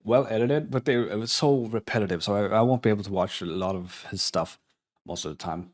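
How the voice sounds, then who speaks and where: A young Polish man, whose first language is Polish, speaks briskly in a fairly low voice during a live reaction stream. He rambles, jokes at his own expense, swears and keeps restarting his sentences.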